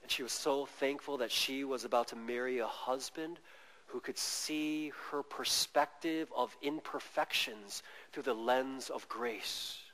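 A man preaching a sermon in an animated way, acting out quoted voices as he tells stories. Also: mid-range voice, a little slow. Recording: long reverb of a large hall.

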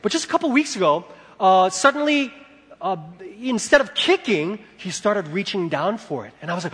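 Guy preaching a sermon, kinda high voice, gets loud then goes quiet, big echoey hall. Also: brisk, slightly rough. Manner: animated storytelling, swings between loud and hushed. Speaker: pastor.

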